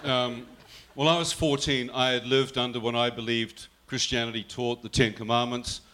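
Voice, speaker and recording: A man's voice: mid-range voice, flat delivery, normal speed, pushed and bright. A man telling a personal faith story earnestly, often quoting his mother's words. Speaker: guest telling his testimony.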